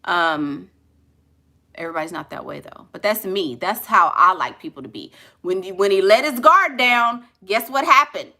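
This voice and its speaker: A relationship coach with a New Orleans accent gives blunt, sassy advice in a casual, colloquial way. Her mid-range voice is sharp and animated, at normal speed.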